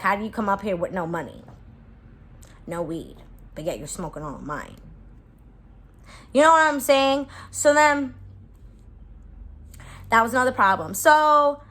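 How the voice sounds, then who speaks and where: A woman's voice: mid-range voice, fairly bright tone. A woman in her twenties telling a casual storytime to her viewers, blunt and profane, laughing often and acting out her own lines. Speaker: vlogger.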